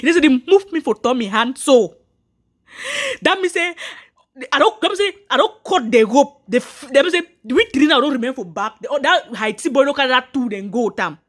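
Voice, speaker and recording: A woman's voice: sits high, expressive, fairly quick. A woman, telling viewers her own story earnestly, repeating herself and restarting lines. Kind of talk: personal story told to viewers.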